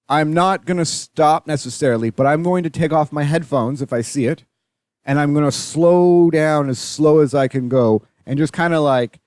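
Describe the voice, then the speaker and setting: Slightly high-voiced and recorded dry, a young Canadian man hosts a podcast. He rambles profanely through stories in a casual monologue and gets animated when retelling.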